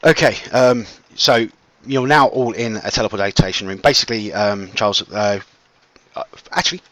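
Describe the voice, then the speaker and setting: A man's voice: lowish voice, moderate pace, fairly bright tone, dry recording. A man narrating a tabletop game as dungeon master, rambling with lots of ums and restarts. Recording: muffled lo-fi mic.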